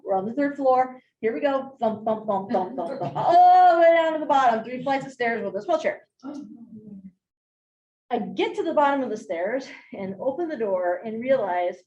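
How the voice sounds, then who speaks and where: A woman giving a training talk, telling a story in an animated way and speaking straight to the audience. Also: a little high, moderate pace, highs cut off. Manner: animated, laughing, addresses the audience directly. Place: large room with an audience. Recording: echoey room, voice from a distance.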